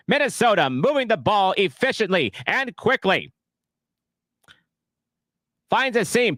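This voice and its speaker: A man's voice: high voice, bright, forceful tone, no echo, voice pushed up, heavily acted. A man putting on an old-time 1940s radio announcer voice while calling a soccer match. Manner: old-time announcer cadence, clipped calls. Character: male 1940s radio sports announcer, brisk.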